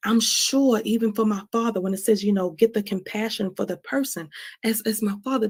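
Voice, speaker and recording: A woman's voice: medium pitch, fairly quick, darkish tone, slightly rough. A woman hosting her own stream, talking candidly and emotionally about forgiveness, with a frank, confessional way of speaking that repeats phrases and often asks "right?". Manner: frank, emotional, confessional, swears now and then. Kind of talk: candid personal talk on forgiveness.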